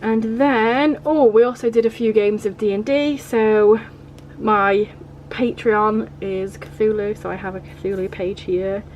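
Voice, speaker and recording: A woman's voice: medium pitch, steady tone, measured pace, darkish tone, a little hiss or hum. A woman vlogger chatting casually through her journal pages, rambling and peppering her talk with fillers. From England.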